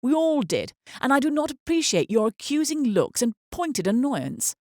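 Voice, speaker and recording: A man's voice: very high voice, very animated, moderate pace, a little mellow, no echo, studio quality, pitched above the performer's own voice. A woman reading a defensive young earl. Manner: defensive, chiding. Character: stern young English earl, defensive nobleman. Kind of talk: audiobook character reading.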